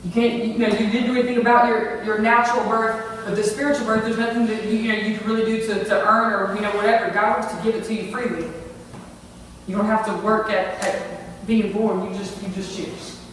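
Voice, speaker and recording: A woman's voice: fairly high pitch, little pitch movement, a little fast, a little hiss or hum. A woman preaching a sermon, earnest and talking with many restarts and asides, with grandchildren. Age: older. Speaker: youth ministry speaker. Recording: echoey hall from far off.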